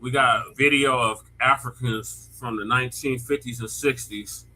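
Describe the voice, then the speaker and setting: A man's voice: medium pitch, steady tone, normal speed, pushed and bright, poor audio. A man on a panel podcast, blunt, giving short agreements and correcting others. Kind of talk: casual panel discussion.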